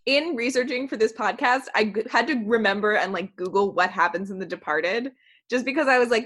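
A woman co-hosting a podcast, agreeable and animated as she tells stories. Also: a little high, brisk. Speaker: podcast co-host. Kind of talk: casual podcast chat.

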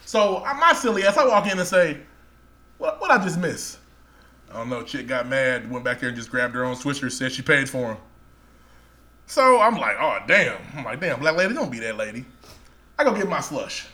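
High, lively man telling a story. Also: moderate pace. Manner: animated, laughing storyteller, profane slang. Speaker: podcast co-host. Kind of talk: casual storytelling chat.

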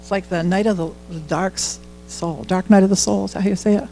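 A middle-aged man shares a candid, conversational testimony in church, an informal sermon in which he often quotes his own prayers aloud. His voice is high and gravelly with a darkish tone, brisk and with little pitch movement. The recording is rough, with a little hiss or hum.

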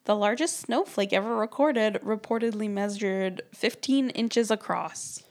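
Woman reading fun facts deadpan. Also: medium pitch, measured pace. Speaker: podcast co-host.

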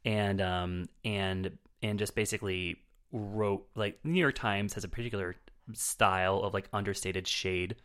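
A man's voice: lowish voice, fairly even intonation, measured pace, a bit bright, clear, resonant tone. A man reviewing films on a podcast in casual chat, rambling with lots of fillers and restarts.

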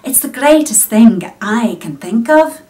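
A woman's voice: fairly high pitch, animated, unhurried, mellow. A woman from Australia, a vocal coach, playing a chatty working-class Liverpool woman in an attempted Scouse accent, in a sing-song, earnest monologue. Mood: enthusiastic.

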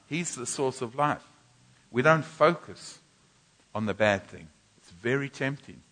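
A man preaches a sermon in a church, his voice bright and clear at a middle pitch. He speaks emphatically, repeating key phrases and often restarting his sentences. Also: expressive, measured pace. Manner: repetitive, emphatic, frequent restarts.

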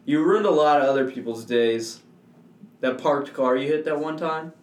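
A man's voice: a little high, normal speed, distant mic. A man teasing his co-host in casual chat with a dry manner. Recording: echoey room, off-mic, faint background hum.

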